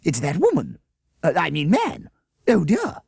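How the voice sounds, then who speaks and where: A fussy schoolteacher woman, put on by a male reader, high-pitched and breathless. Her voice leaps up and down in prim alarm. The recording is close and dry, in an audiobook. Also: huge pitch swings, moderate pace, darkish tone, husky, no room sound, exaggerated voice. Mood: flustered.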